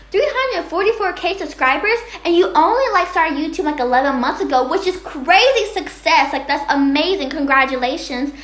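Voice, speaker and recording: Bubbly high-voiced woman interviewer. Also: fairly bright tone, roomy sound. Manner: bubbly, gushing praise, rambling questions. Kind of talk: casual interview.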